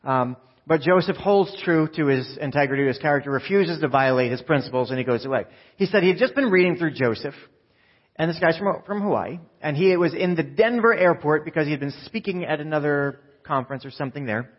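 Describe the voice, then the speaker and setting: A man's voice: fairly high pitch, lively intonation, brisk, breathy edge, muffled recording. A man preaching a sermon, telling a story with quoted voices and asides to the congregation. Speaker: pastor.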